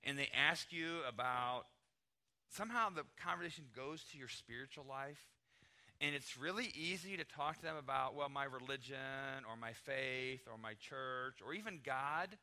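An American man in middle age preaches in a relaxed, conversational way, stressing key words and slipping into little acted-out exchanges. His voice is very bright and sits at an ordinary pitch for a man. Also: moderate pace. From United States. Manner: conversational, emphatic, acts out little dialogues. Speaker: pastor. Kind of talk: sermon.

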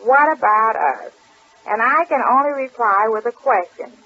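A woman's voice: fairly high pitch, moderate pace. An actress playing a chatty, scatterbrained wife who rambles and mangles her words, in 1930s radio comedy acting. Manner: rambling, malaprop-prone, sing-song delivery. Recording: muffled old radio recording.

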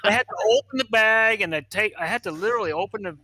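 An older man, a pediatrician, telling funny stories in an animated way and acting out the people in them. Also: sits high, fast talker, dry recording. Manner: animated, acts out other people's voices, laughs at his own stories. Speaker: guest, pediatrician. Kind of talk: anecdotal storytelling.

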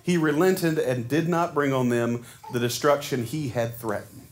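A man's voice: mid-range voice, steady tone, normal speed, a little hiss or hum. A man preaching a sermon in a conversational way, often putting rhetorical questions to his congregation. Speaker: pastor.

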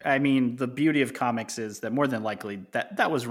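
Talkative man co-hosting a podcast. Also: medium pitch. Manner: talkative, explains at length with quick laughs. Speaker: podcast co-host. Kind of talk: casual chat.

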